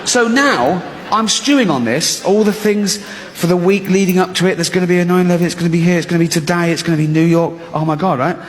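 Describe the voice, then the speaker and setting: Animated stand-up comic in a hall. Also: male voice, quick pace, hardly any pauses. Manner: animated, acts out inner voices in shifting pitches. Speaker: stand-up comedian. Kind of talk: stand-up routine. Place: comedy stage. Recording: large hall with audience laughter.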